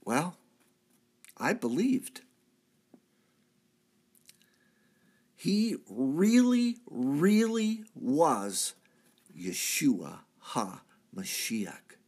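A man's voice: on the high side, very animated, extremely slow, darkish tone, breathy edge, exaggerated voice. A man playing a repentant thief from the crucifixion, telling his story earnestly in a church drama monologue. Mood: reflective. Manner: earnest storytelling, swelling to cries at key moments. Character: repentant male thief, crucified, now redeemed.

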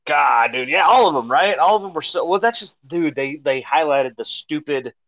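A man's voice: on the high side, normal speed, poor audio. A man in his thirties co-hosting a casual podcast chat, swearing freely and acting out quotes as he retells things. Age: 30s. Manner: profane, animated retelling with acted-out quotes. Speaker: podcast co-host.

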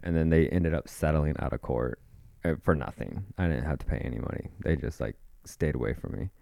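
A man's voice: rumbling low, brisk, creaky, warm tone, dry recording, studio quality. A young man casually telling a rambling, profane story, full of fillers and restarts. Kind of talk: casual chat.

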